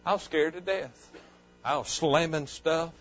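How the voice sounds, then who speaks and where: A man preaches to his congregation in a high voice. His delivery swells loud and fervent, then drops low and soft. The recording sounds dull and lo-fi. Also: a little slow, faint music behind. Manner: fervent preaching that rises and falls. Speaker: pastor. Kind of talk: sermon.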